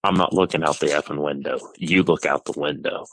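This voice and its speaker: Curt mumbling friend, quoted by a deep-voiced man, flat and annoyed. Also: brisk, no room sound, rough recording. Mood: grumbling. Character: grumpy scared young man friend.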